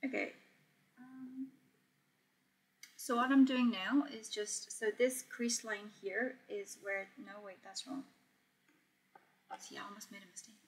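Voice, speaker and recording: A young woman with a slightly high voice chats through a live sewing stream. She reads viewers' comments aloud, laughs often, and keeps an easygoing, friendly patter going while she works. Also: steady tone, a little slow, pauses often, breathy edge. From Portugal. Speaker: sewing livestream host.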